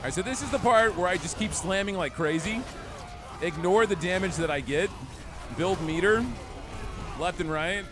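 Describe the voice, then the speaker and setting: A young man commenting excitedly on his gameplay, chatty and trash-talking enemies as he streams. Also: high-pitched, moderate pace, pauses often. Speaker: gaming streamer. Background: game music.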